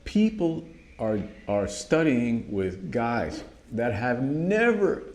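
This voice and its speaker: A man's voice: medium pitch, slow. A drum instructor telling a story in a casual, emphatic monologue, often restarting his sentences. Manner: animated, emphatic, frequent restarts.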